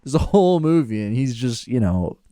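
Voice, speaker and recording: A man's voice: mid-range voice, big pitch swings, a little fast, dark tone, no room sound, studio quality. A man co-hosting a podcast in casual chat, joking crudely and laughing often. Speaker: podcast co-host.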